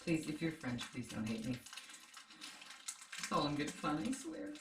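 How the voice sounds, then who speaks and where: Woman co-host, low voice, giggly snack banter, distant echoey room. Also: huge pitch swings, normal speed, noisy background. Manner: chatty and giggly, teasing her partner. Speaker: co-host of a snack tasting show. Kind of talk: casual chat while tasting snacks.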